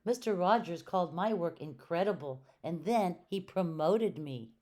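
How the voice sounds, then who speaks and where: A woman reading aloud and voicing a cheerful, literal-minded female housekeeper in a storybook, with a brighter, eager, earnest delivery. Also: on the low side, animated, moderate pace, close to an everyday voice.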